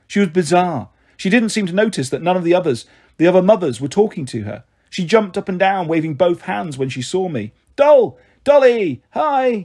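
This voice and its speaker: A man narrating a children's novel aloud with expressive, lively storytelling. His voice is a little high for a man, with a husky, breathy grain. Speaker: audiobook narrator.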